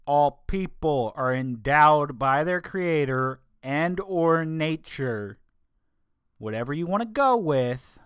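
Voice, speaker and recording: A man giving an opinion monologue, emphatic with sarcastic asides, slowing down to stress key words. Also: a little high, animated, a bit bright, clean tone, dry recording, studio quality. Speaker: political commentator.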